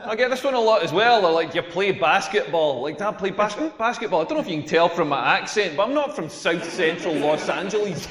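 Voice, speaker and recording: A man's voice: high-pitched, expressive, a little fast, few pauses, a bit bright. An actor in his forties with a Scottish accent, playing a self-mocking stand-up comedian in a game and telling rambling anecdotes. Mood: wry. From Scotland. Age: 40s. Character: self-deprecating tall Scottish male comedian, around forty. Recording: echoey hall with long reverb.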